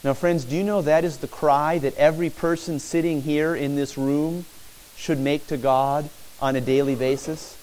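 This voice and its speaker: A man preaching a sermon in a church, animated and acting out pleading cries. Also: on the high side, normal speed, low-quality recording.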